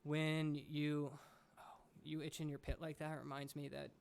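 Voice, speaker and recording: A man's voice: a little high, monotone, normal speed, creaky, clean tone. A young man hosting a casual podcast chat, rambling and jokey, with lots of fillers and restarts. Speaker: podcast host.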